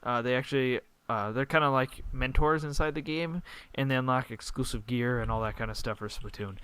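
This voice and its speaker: A young man chatting on a gaming podcast over a call, eager and emphatic, and given to rambling. His voice is smooth and clean. The sound is dry and close. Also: mid-range voice, fairly quick, a bit bright, no echo. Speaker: podcast co-host. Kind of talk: casual gaming podcast chat.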